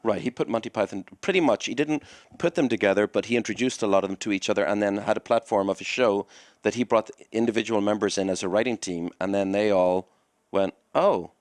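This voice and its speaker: A man's voice: on the low side, fast talker, darkish tone, dry recording. A man who runs a comedy club, a podcast guest telling long, rambling anecdotes and acting out the dialogue in them. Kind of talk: conversational storytelling.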